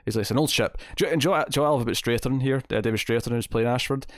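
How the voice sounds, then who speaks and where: A man's voice: mid-range voice, very fast, dry recording, studio quality. A man hosting a podcast, chatting casually and enthusiastically about a TV episode with many restarts. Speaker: podcast host. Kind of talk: casual TV recap chat.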